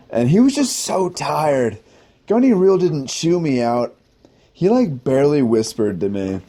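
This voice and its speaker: A man tells a personal story in a loose, rambling way, his speech packed with swearing and filler words. His voice is mellow and dark, and he sometimes laughs at himself. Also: a little high, sing-song, measured pace. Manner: rambling, profane, heavy use of "like". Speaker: podcast host telling war stories.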